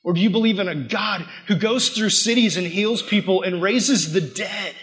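Energetic young man preaching, high voice. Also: normal speed. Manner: energetic, swings between loud emphasis and quiet asides. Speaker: youth pastor. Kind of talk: sermon.

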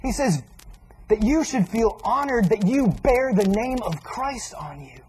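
A man preaching a sermon in a casual, animated way, acting out little asides as he teaches. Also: high-pitched, a little slow, a little hiss or hum, low-quality recording.

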